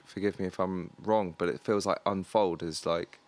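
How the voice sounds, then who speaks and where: A man's voice: deep voice, steady tone, moderate pace. A man hosting a casual conversation, asking friendly, easygoing questions with plenty of fillers. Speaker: podcast host.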